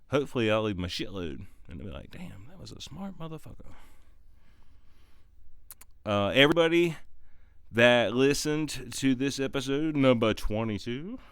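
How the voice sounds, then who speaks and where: A man's voice: mid-range voice, clean tone, no room sound, studio quality. A man hosting his own podcast, talking in a rambling, laid-back, profane way. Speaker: podcast host. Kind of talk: casual chat.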